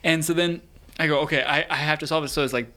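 A young man casually telling an embarrassing story, animated and laughing as he goes. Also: a little high, quick pace, a little hiss or hum. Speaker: guest storyteller.

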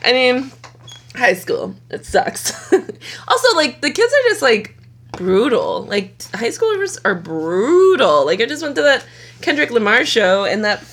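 Animated husky-voiced young woman. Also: a little high, a little slow. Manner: animated storytelling, heavy swearing. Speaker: podcast co-host. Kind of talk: casual chat.

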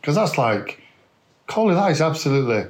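A man's voice: a little high, big pitch swings, brisk. A man co-hosting a podcast asks probing questions and thinks aloud as he frames them. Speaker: podcast co-host. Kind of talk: conversational interviewing.

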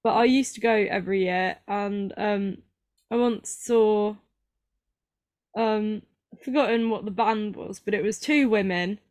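A woman's voice: medium pitch, a little slow, darkish tone, dry recording, studio quality. Rambling, self-mocking young woman host. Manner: chatty, rambling, self-mocking, lots of ums. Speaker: podcast host. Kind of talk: casual chat.

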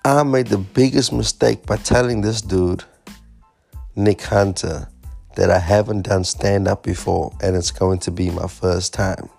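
Low gravelly-voiced man telling a story. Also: measured pace, faint music behind. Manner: animated, swearing, acts out his own panic. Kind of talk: casual storytelling. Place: Fremantle area, Western Australia.

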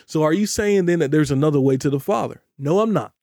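A man preaching a sermon on a podcast, with emphatic delivery that slows down to stress scripture. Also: a little mellow, no room sound, clean studio sound. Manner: emphatic preaching, voices imagined questioners in a high pitch. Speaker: pastor.

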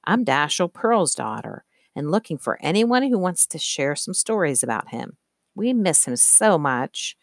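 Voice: mid-range voice, very animated, measured pace, dry recording, clean studio sound. A reader voicing a determined young girl who is polite, earnest and a little sly, in an audiobook. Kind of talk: audiobook character voice.

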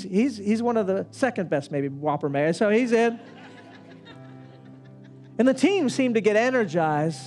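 A man in his fifties telling a personal story in a sermon, in an animated, self-mocking way. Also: high voice. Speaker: preacher.

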